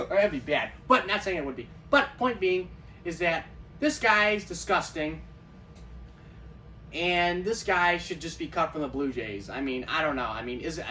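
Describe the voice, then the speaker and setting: A man's voice: fairly high pitch, pushed and bright, far from the mic, a little hiss or hum. A man ranting in casual commentary for his own baseball channel, incredulous and repeating himself as he talks. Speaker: baseball vlogger.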